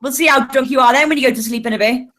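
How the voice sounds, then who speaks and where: A woman's voice: high voice, racing, a bit bright. A woman in an online voice chat who scolds and keeps cutting in. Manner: scolding, cuts in. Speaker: chat room panelist. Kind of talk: heated voice chat.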